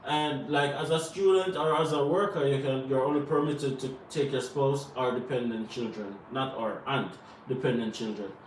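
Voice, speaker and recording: A man's voice: mid-range voice, fairly even intonation, normal speed. A Jamaican man co-hosting a live Q&A, giving earnest advice to viewers and repeating points for emphasis. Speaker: co-host answering viewer questions. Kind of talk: live Q&A chat. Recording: roomy and distant from the mic, faint noise.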